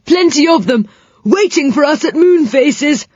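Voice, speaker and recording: A deaf little man hung with clanking pots and kettles, as a woman reads him, talking loudly and answering the wrong words. His voice is high and swoops about, set against a dry, faintly muffled recording. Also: lively intonation, unhurried, no room sound. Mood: cheerfully confused. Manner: loud, mishears words and answers them. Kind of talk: children's audiobook reading. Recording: slightly muffled, dry sound.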